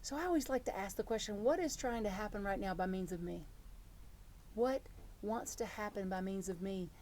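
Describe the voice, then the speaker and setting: A middle-aged woman preaching a sermon as reverend, telling stories in an earnest, animated way. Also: mid-range voice, normal speed, slight background noise. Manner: storytelling, earnest and animated, with many restarts.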